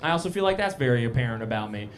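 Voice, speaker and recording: Racing through his live stand-up set on a comedy cafe stage, a young man with a medium-pitched voice and lively intonation chats casually with the crowd and jokes at his own expense.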